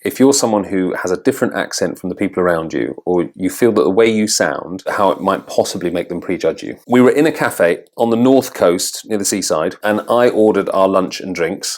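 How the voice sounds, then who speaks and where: A man's voice: low voice, animated, fast, hardly any pauses. An English man who works as an accent coach, narrating a vlog in a thoughtful, candid way with self-deprecating humour.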